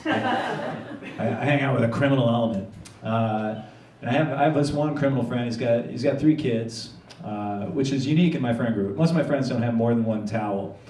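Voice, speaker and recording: A man doing a stand-up comedy set on a club stage, with a halting, rambling delivery full of restarts. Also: mid-range voice, mellow. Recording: roomy live club, distant mic, crowd noise.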